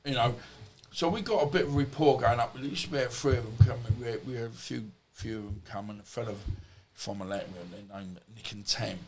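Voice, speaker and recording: A man's voice: medium pitch, fast talker, few pauses, a little mellow, a little hiss or hum. A middle-aged man, a former boxer and podcast guest, telling casual stories in a rambling, anecdotal way full of asides. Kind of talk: casual storytelling.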